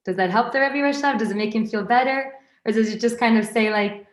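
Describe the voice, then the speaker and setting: A woman giving an informal Torah class, lively and conversational, often restarting her sentences and adding asides to her listeners. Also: a little high, a little fast, hardly any pauses. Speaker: Torah teacher. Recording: roomy echoey recording.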